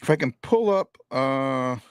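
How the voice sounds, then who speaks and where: A man hosting a casual live-stream sports fan show, talking in a rambling, animated way with frequent restarts. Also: medium pitch, unhurried, clean tone, no room sound.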